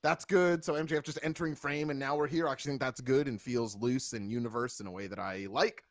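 A man's voice: mid-range voice, quick pace, no echo, studio quality. A man hosting a casual podcast, reviewing wrestling with sarcasm and acting out quotes in funny voices. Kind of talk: casual chat.

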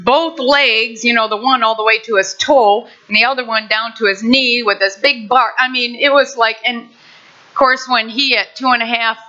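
A woman's voice: fairly high pitch, pushed and bright. An older woman pastor giving a heartfelt, conversational sermon with many restarts. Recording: muffled lo-fi recording.

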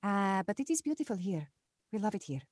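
A woman's voice: medium pitch, sing-song, a little fast, darkish tone, no room sound, clean studio sound. A woman improvising a chatty, gossipy woman living abroad, gushing and rambling. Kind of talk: improvised character.

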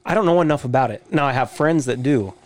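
A man's voice: medium pitch, fast talker. Male podcaster, easygoing, meandering delivery, mid-range voice. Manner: relaxed, rambling, occasional swearing. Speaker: podcast host. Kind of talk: casual podcast chat.

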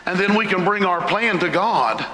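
A man preaching a sermon as pastor, fervent, shouting out lists and leaping up in pitch. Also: expressive, moderate pace. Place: church sanctuary. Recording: echoey hall.

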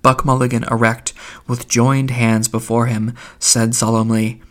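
A man reading a literary novel aloud as an audiobook narrator, in a measured, even delivery. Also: medium pitch, vocal fry.

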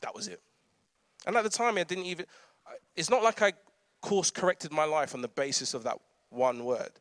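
A man's voice: on the high side, moderate pace, a bit bright, no room sound, studio quality. A man, preaching a conversational sermon with humorous asides and frequent laughter. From London. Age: 30s.

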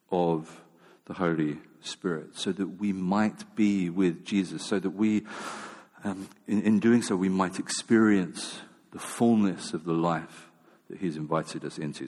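A man preaches a sermon in a low voice, chatty and self-deprecating, often stumbling over his words and restarting. His voice carries a long reverb, like a large church hall. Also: a little mellow. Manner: conversational and self-deprecating, with many fillers and restarts. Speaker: pastor.

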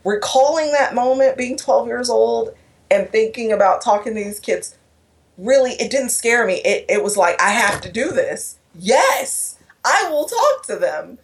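A woman's voice: fairly high pitch, moderate pace, creaky. Earnest woman telling a personal story. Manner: earnest, emotional, with restarts and quoted dialogue. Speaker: guest speaker.

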